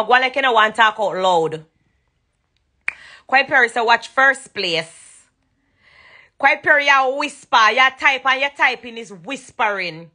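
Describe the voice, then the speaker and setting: A woman's voice: mid-range voice, bright, forceful tone. A young woman with a Jamaican accent chatting to fans on a live stream from her bedroom, emphatic and repetitive, slipping into patois. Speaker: dancehall singer thanking fans on a live stream. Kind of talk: casual live-stream chat. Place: bedroom at night.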